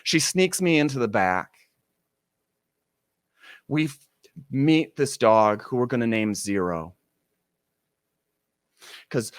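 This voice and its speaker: A man telling a personal story on stage, animated, acting out the people he quotes with sudden jumps in voice. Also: medium pitch, no echo, studio quality.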